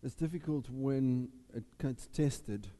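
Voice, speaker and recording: A man preaching a sermon, acting out Bible voices with animated delivery. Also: medium pitch, slow. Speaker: pastor. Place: church. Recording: long hall reverb.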